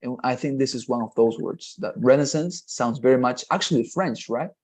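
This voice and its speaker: A man's voice: medium pitch, normal speed, a little mellow. Man teaching English. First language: Spanish. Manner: explains step by step, often checks with "right?". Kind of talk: online class explanation.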